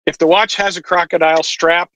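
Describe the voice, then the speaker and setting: A man's voice: on the high side, fairly even intonation, brisk, fairly bright tone, dry recording, low-quality recording. A man talking as a podcast guest over a video call, explaining at length with lots of fillers. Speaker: watch distributor guest. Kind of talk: casual podcast chat.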